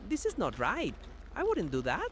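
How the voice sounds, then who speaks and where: A woman's voice: medium pitch, huge pitch swings, moderate pace, slight background noise. A synthetic woman's voice playing a defiant young male suspect in a game, protesting his arrest. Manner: protesting, insistent, dismissive.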